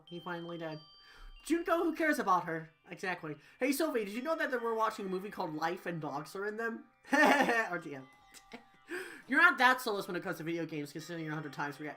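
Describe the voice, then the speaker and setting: A woman's voice: medium pitch, sharp tone. Joking, foul-mouthed let's-play woman. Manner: joking, swears, laughs often. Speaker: let's play host voicing the cast. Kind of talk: casual game commentary. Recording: game music behind.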